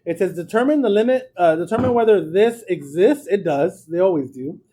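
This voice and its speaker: A man's voice: high-pitched, lively intonation, brisk, mellow, a little hiss or hum. A man teaching a math class in a classroom, explaining each step in a casual way. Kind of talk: classroom lecture.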